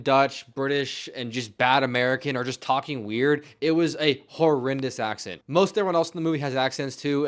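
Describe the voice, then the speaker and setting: Male movie reviewer, mid-pitched, casual and blunt, prone to exclamations.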